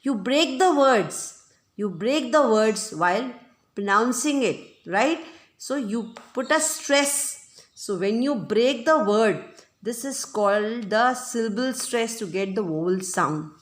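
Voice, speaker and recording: A woman teacher explains grammar at a slow, deliberate pace, repeating each point and asking whether it is clear. Her pitch rises and falls in a lively way. The recording has a roomy echo. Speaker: English teacher. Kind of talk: grammar lesson. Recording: echoey room.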